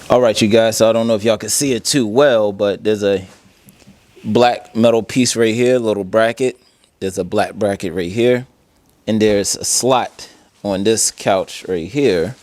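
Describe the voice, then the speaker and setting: A man's voice: lowish voice, a little slow, a little mellow. A man hosting a casual home product review vlog, chatting straight to viewers as he unboxes furniture at home. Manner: chatty, addresses viewers directly, frequent "you guys" and "bro".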